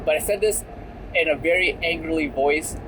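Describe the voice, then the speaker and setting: A young man with a slightly high voice tells a story in a loose, chatty way, peppered with fillers. He is recording himself in his car as he drives. Faint road noise hums behind him. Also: moderate pace. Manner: chatty and candid, many fillers like "like" and "right?". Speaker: vlogger. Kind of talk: casual storytelling vlog. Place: in a car while driving.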